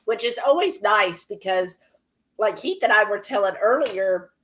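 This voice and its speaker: A woman co-hosting a casual live stream. She chats in a lively way and reads viewer comments aloud. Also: medium pitch, a little slow. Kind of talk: casual chat.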